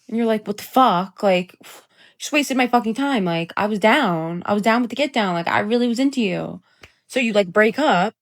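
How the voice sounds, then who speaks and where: Young woman, casual vlog rant, very animated pitch, sweary and mocking. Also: moderate pace.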